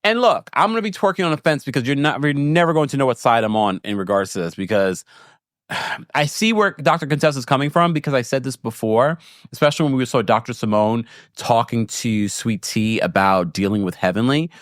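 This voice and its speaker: Lively, chatty man recapping. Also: mid-range voice, a little fast, dry recording, clean studio sound. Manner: chatty, animated, with laughs and self-corrections. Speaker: show host recapping a reality series. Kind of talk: casual live recap chat.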